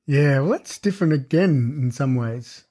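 A man co-hosting a podcast, chatting casually about a movie in a relaxed way, with dry teasing. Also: mid-range voice, moderate pace. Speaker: podcast co-host.

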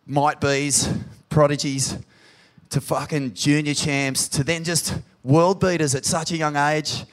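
An Australian man hosts a live podcast show in front of a crowd in a pub. He swears freely and talks in an effusive, hyped-up way. His voice sits fairly high for a man. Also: little pitch movement, unhurried. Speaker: podcast host.

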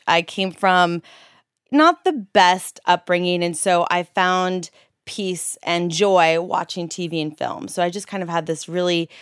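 A woman's voice: lowish voice, clean tone, no room sound, clean studio sound. A young adult woman from San Francisco, a PR company founder, chatting expressively and laughing easily. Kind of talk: casual chat.

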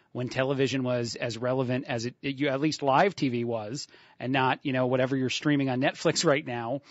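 A man's voice: mid-range voice, no room sound, highs cut off. A man from the East Coast hosting a radio talk show, chatting casually and rambling with many fillers.

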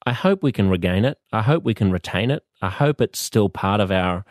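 A man with an Australian accent hosting a podcast, speaking in a thoughtful, measured monologue with pauses and restarts. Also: lowish voice, lively intonation, no echo, studio quality. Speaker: podcast host. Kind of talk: reflective monologue.

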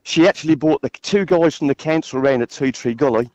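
A man phones in to a radio show, aggrieved and exasperated as he tells his story. His voice is a touch high. The line is dull and dry. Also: a little fast, darkish tone, no room sound. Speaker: radio caller.

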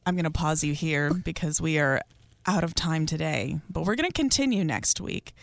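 A podcast host wrapping up an interview segment with a measured sign-off. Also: mid-range voice, expressive, creaky, dry recording.

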